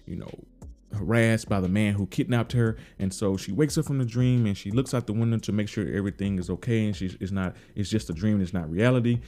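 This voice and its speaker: A man's voice: on the low side, warm tone. A man hosting a casual solo podcast recap, laid-back and slangy, acting out characters' lines as he retells scenes. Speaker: podcast host recapping a TV episode.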